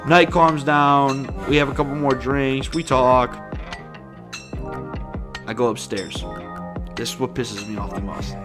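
A man's voice: mid-range voice, steady tone, measured pace, pauses often, over music. A young man telling a rambling, profane story on a casual podcast, sounding exasperated. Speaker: podcast host.

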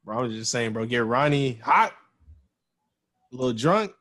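A man's voice: medium pitch, animated, normal speed, a bit bright. A man co-hosting a podcast, chatting casually in slang, laughing often and joking animatedly with a friend. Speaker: podcast co-host.

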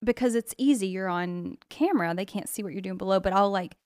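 A woman's voice: medium pitch, a little fast, darkish tone, clear, resonant tone, dry recording, clean studio sound. A young adult woman co-hosting a podcast in casual chat, candid and joking. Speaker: podcast co-host.

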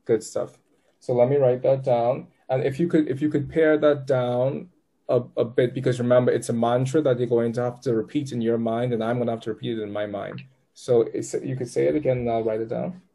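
A man reads tarot for a client over a live session. His voice is warm and mellow at a middle pitch. He sounds chatty and upbeat, guiding her patiently step by step. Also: fairly even intonation, a little fast. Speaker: tarot reader.

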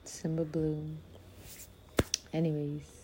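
A woman's voice: deep voice, monotone, slow pace, background noise. A young adult woman hosting a podcast, talking candidly and profanely to her listeners, calling them her loves. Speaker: podcast host. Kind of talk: casual motivational monologue.

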